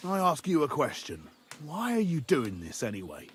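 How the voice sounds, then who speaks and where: A frightened, pleading game character. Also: male voice, fairly high pitch, huge pitch swings, moderate pace, a little hiss or hum. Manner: pleading, stammering. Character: frightened male game character begging for release. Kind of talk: game voice acting.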